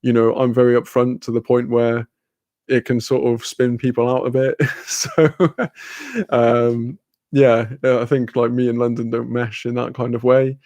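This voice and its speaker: A man's voice: mid-range voice, flat delivery, unhurried, a little mellow, no echo. A man hosting a livestream, casually reading the chat aloud, laid-back, laughing often and swearing freely. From Wales. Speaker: livestream host.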